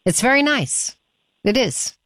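A woman's voice: on the high side, sing-song, a little slow, a bit bright, no room sound. Woman radio host in a dry studio. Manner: conversational, with small restarts and asides. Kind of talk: call-in radio interview.

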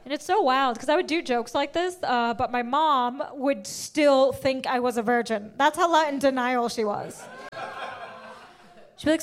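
A woman doing a stand-up comedy set, telling personal stories with animated delivery and loud bursts when she acts out scenes. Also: sits high, normal speed.

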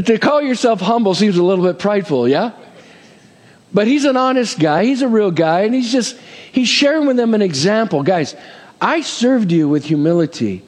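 Lively, chatty preaching man in reverb. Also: sits high. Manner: conversational preaching with joking asides and frequent "Amen?". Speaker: pastor. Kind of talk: sermon.

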